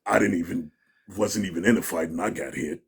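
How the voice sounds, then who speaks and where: A man's voice: deep voice, brisk, gravelly, husky. A man giving an interview, telling a story in a casual way and acting out what people said. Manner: animated storyteller, acts out quotes, laughs often. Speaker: interview guest.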